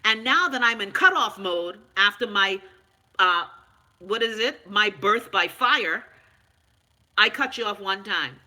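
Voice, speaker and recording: A Bahamian woman hosting a casual live stream, frank and animated, swearing freely and answering viewer comments. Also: medium pitch, measured pace. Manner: loud, animated, talks back to viewer comments.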